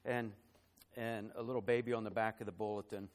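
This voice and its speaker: A pastor preaching a sermon builds to loud, emphatic phrases, then drops soft to tell a personal story, with some fillers and repeated words. His voice is on the low side, his delivery flat and brisk.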